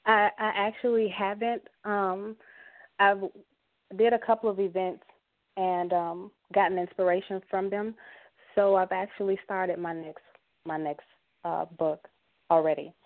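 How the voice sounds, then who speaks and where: A woman poet answering interview questions, hesitant and soft-spoken, with many pauses and fillers. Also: medium pitch, little pitch movement. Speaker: guest poet. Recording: phone-like line.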